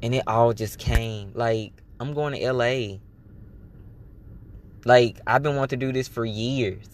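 A man's voice: medium pitch, a little slow. A man hosting his own podcast, talking candidly and casually about his life, swearing freely and acting out what he told himself. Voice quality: candid, swears freely, animated self-quoting. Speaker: podcast host. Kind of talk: casual personal monologue.

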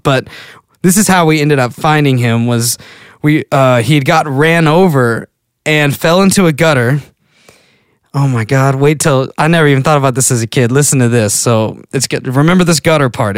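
A man's voice: medium pitch, no echo. Guy rambling through stories on his own show, mid voice, dead dry room. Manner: rambling, self-interrupting storyteller. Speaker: podcast host. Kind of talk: casual solo chat.

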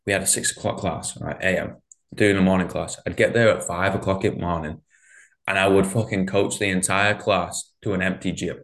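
A man's voice: sits low, fairly even intonation, fairly quick, a bit bright. A man hosting a casual podcast conversation, talking bluntly, swearing heavily and sounding fired up about coaching. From northern England. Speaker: podcast host and CrossFit coach.

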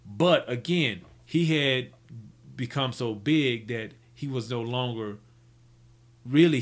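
A man telling stories from his business life in a rambling, casual way, full of restarts and fillers. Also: medium pitch. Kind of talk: casual storytelling.

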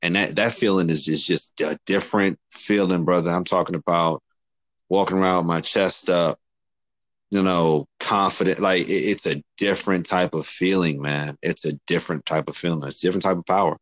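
A man's voice: low-pitched, steady tone, moderate pace, no echo, rough recording. A man talking earnestly about his faith, often repeating words and calling the other man brother. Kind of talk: casual faith talk.

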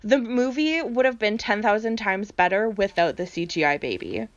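A woman co-hosting a podcast chats casually, laughing often and swearing freely. Her voice sits at a middle pitch, and the recording sounds slightly dull and lo-fi. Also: expressive, normal speed. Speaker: podcast co-host. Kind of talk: casual chat.

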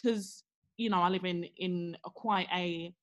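A young woman on a podcast speaks a little slowly at a fairly low pitch, recounting a story in casual conversation. Whenever she quotes someone, she plays them out with an exaggerated voice.

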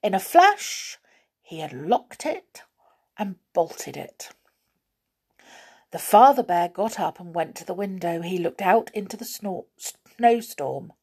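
A woman reading a children's story aloud in an expressive way, pausing to chat with her young listeners. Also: on the low side, husky.

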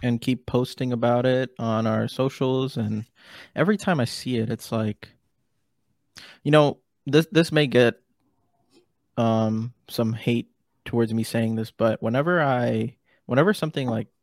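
A man's voice: medium pitch, measured pace, a little mellow, no room sound, studio quality. A man hosting a casual podcast conversation, talking in a rambling way with many fillers and restarts. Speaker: podcast host.

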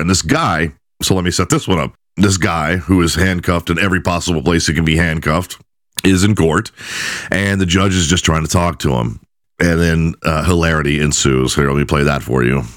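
Deep-voiced man telling rambling profane stories. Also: dry recording, studio quality. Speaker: podcast host. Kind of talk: casual storytelling monologue.

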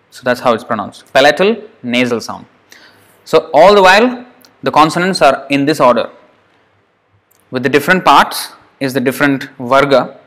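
A man's voice: mid-range voice, a bit bright. Man teaching Sanskrit sounds patiently. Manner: patient, repeats sounds slowly for students. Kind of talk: slide-based online lesson.

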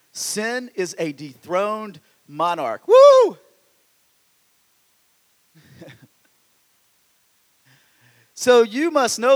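A man with a high voice preaches a sermon in a church, his words ringing with the long reverb of a large hall. He swings between loud, animated exclamations and quiet, intimate asides, stumbling over restarts as he presses his point. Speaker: pastor.

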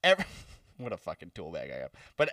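A man's voice: deep voice, huge pitch swings, fast, fairly bright tone, dry recording, clean studio sound, far from the mic. A man co-hosting a podcast in casual chat, loose and swearing, often laughing. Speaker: podcast co-host.

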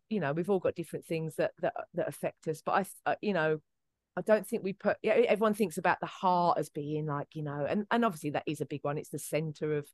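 Podcast co-host, female, lowish pitch, rambling chatty delivery, dry close sound. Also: no room sound. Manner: chatty, many fillers and restarts. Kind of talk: casual chat.

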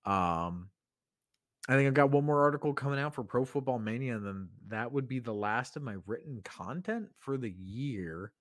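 A man's voice: medium pitch, animated, normal speed, no room sound, studio quality. A man co-hosting a podcast in casual chat, laid-back and jokey, with frequent um and uh. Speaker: podcast co-host.

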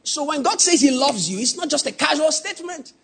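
A man preaching a sermon, teasing the congregation and building to shouted emphasis. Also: extremely high pitch, animated, brisk, gravelly. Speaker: pastor.

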